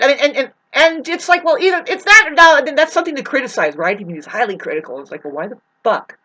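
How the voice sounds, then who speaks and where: Lively, profane woman ranting. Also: sits high, quick pace, few pauses, poor audio. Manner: profane, rambling, agitated. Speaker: vlogger. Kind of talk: ranting monologue to camera.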